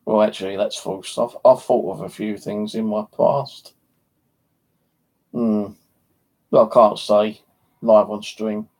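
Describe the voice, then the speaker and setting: A man's voice: on the low side, steady tone, takes it slowly, long pauses, a little mellow. An English man chatting casually on a live stream, rambling and joking crudely, with a slight lisp from missing teeth. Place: home.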